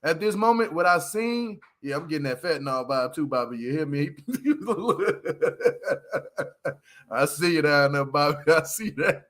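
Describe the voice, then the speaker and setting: Man, reality show recap, slangy, bright tense voice, high pitch. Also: a little slow. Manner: animated, slangy, laughing asides. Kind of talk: casual show recap commentary.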